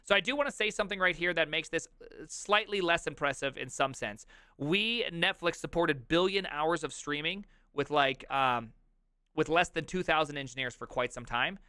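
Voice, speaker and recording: A man reacting on a live stream, reading an article aloud and breaking off into animated, jokey asides and sudden shouts. His voice is bright and crisp, a little high, and recorded close and dry. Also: no room sound. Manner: animated, jokey, reads aloud then riffs with loud outbursts.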